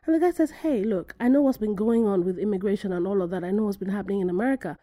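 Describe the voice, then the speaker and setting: Animated woman podcast host from Africa. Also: mid-range voice, fast, no room sound. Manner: animated storytelling, acts out quoted voices. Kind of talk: solo podcast monologue.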